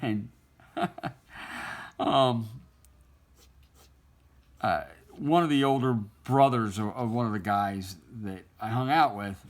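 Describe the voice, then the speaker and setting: A man's voice: mid-range voice, slow pace, pauses often. A middle-aged man casually telling a childhood story while he draws, rambling and laughing often. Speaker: artist drawing on stream.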